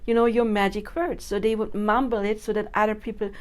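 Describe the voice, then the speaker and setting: A woman's voice: mid-range voice, little pitch movement, brisk. A young woman coaching viewers on affirmations in a chatty, casual way, laughing often. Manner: chatty, laughs often, demonstrates chants and loud incantations. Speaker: manifestation coach. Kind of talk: casual teaching to camera.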